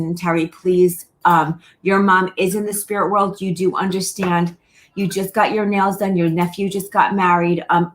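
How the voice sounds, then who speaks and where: Woman medium for live reading, slightly low voice, gentle and repetitive, talks straight to viewers. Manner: repeats phrases, addresses viewers by name, gentle reassurance. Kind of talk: live online reading, casual and direct.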